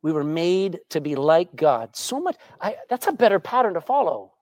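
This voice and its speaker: A woman's voice: fairly low pitch, moderate pace. A woman preaching with a voice that rises and falls freely, keeping her congregation engaged with questions and the odd humorous story. Her sermon is captured close and dry, with no room echo. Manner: animated, asks the congregation questions; tells jokes and anecdotes with a laugh.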